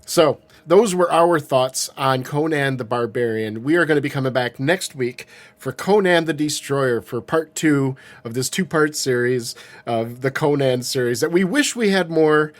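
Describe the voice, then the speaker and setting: A man's voice: medium pitch, normal speed. A man co-hosting a podcast in casual chat, rambling and joking, often laughing. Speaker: podcast co-host.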